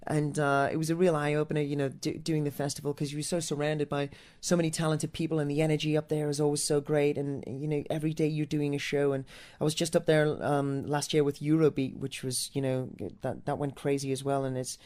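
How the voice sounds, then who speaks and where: Stage actor from Newcastle, English man with a mixed American-Northern English accent, speaks quickly with little pitch movement. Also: flat delivery, a little mellow. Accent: mix of American and Northern English. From Newcastle, England. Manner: rambling, many restarts and fillers. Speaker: musical theatre actor and singer. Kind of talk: interview answers.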